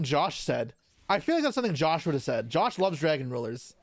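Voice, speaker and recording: A man's voice: on the high side, very animated, a little fast, dry recording. A young man chatting casually on a live stream, answering his chat aloud while opening card packs, with offhand swearing. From Canada.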